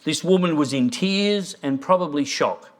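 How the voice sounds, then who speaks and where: A man's voice: a little high, animated, normal speed. A man preaching a sermon in a church, earnest, reading quotes aloud. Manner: earnest, reads quotes aloud, briefly moved. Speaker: pastor.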